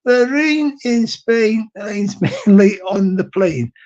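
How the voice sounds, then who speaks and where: A man's voice: high voice, lively intonation, slow pace, darkish tone, dull audio. A man from Glasgow with a Glaswegian accent, chatting casually on a live stream. He rambles, jokes and repeats himself as he goes. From Glasgow, Scotland. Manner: rambling, jokey, repeats himself, laughs often.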